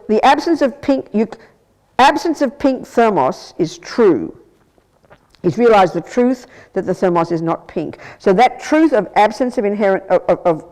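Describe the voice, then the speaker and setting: A woman's voice: mid-range voice, a little mellow. An older woman, a Buddhist nun, giving an emphatic teaching, repeating and restarting phrases as she explains. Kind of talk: dharma teaching. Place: meditation centre hall.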